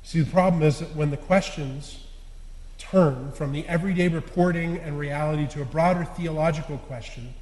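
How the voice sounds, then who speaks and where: A man's voice: a little high, normal speed. Earnest man preaching in an echoey hall. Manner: earnest, confessional, swinging between loud stresses and quiet endings. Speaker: lay preacher. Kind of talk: sermon. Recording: echoey hall with long reverb.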